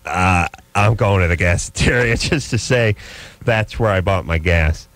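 A man's voice: sits low, measured pace, a bit bright. A man hosting a late-night call-in radio show, ranting sarcastically with many restarts.

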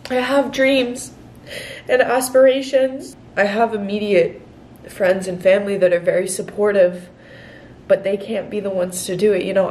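In her confessional vlog, the 21-year-old woman talks frankly and emotionally, sometimes on the verge of crying. Her medium-pitched voice is a little mellow, with a faint hiss or hum, and the camera sits nearby as she moves from outdoors to indoors.

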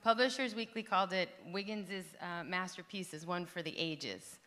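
A woman's voice: lowish voice, normal speed, fairly bright tone. A woman interviewing on a festival stage, affectionate and teasing as she asks her questions. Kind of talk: onstage festival conversation.

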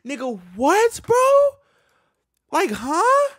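A man reacting to an album on his video channel, talking to viewers in an excitable, stammering way, swearing freely and laughing often. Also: very high-pitched, extremely slow. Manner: talks to viewers while reacting to songs. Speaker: music reaction YouTuber. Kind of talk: casual album reaction vlog.

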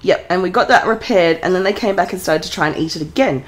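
A woman's voice: fairly low pitch, fast. A woman co-hosting a podcast in casual chat, giggly, swearing freely and drifting into tangents. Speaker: podcast co-host.

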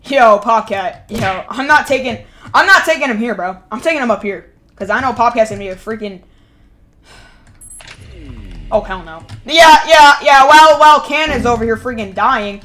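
A woman live-streaming a game, talking to her chat and yelling at game characters. She swings between shouting and muttering and repeats the same phrases over and over. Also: fairly high pitch, expressive, brisk. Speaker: gaming streamer.

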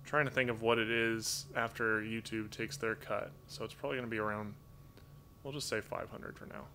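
A man hosting a live stream from home, reading out donations in a rambling, halting way, full of fillers and restarts, grateful and thinking aloud. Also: on the low side, fairly even intonation, bright, forceful tone, slight background noise. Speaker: livestream host reading donations. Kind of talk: casual live-stream chat. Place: home with pet toucans.

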